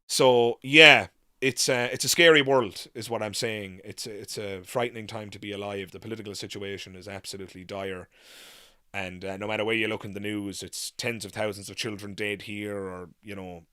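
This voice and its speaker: A man's voice: lowish voice, little pitch movement, normal speed, pushed and bright, clean tone, no room sound, clean studio sound. Irish man ranting on a livestream. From Ireland. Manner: rambling, exasperated rants with swearing and laughs. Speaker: livestream host. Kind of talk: live Q&A chat with viewers.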